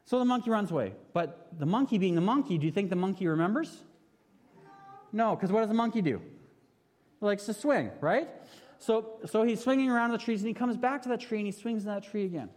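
A man in his thirties preaches a sermon with storytelling, his high-pitched voice brisk, a little mellow, and lively in intonation. He tells the story animatedly and poses questions to the audience, with long hall reverb on the recording.

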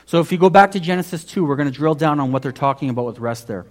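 A man preaching a sermon, telling the story in a conversational way, asking the congregation questions and swinging between loud emphasis and hushed asides. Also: a little high, animated, fast. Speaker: pastor.

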